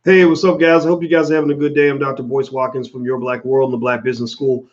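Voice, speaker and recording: A man talking loosely and conversationally as he hosts a live stream, reading out viewer comments as he goes. His voice sits at an ordinary middle pitch. The sound is a bit dull and lo-fi. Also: level tone, fast talker, soft background music. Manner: casual, chatty, greets viewers by name. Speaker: host.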